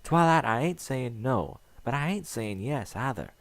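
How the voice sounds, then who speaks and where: A man's voice: medium pitch, animated, a little slow, no echo, voice pushed up. A man voicing a kind, frank young female farm pony with a folksy drawl. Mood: earnest.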